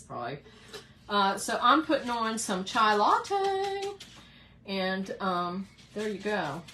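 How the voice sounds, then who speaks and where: A woman's voice: medium pitch, background noise. A middle-aged woman hosts a live craft painting demo from her home craft room. She chats with viewers by name and thinks aloud as she works. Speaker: craft host.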